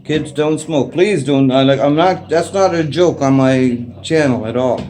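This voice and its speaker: With his phone propped up facing him indoors, a middle-aged vlogger with a Canadian accent talks casually and off the cuff, peppering his rambling with "like" and "eh." He speaks unhurriedly in a fairly high, darkish-toned voice.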